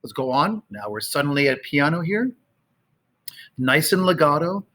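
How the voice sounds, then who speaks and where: A man teaching a choir, talking casually and singing out phrases slowly to show how they go. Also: fairly high pitch, very animated, fairly bright tone. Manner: sings and chants phrases slowly to demonstrate; conversational with fillers. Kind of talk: choral rehearsal instruction. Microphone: camera, sometimes moving off it.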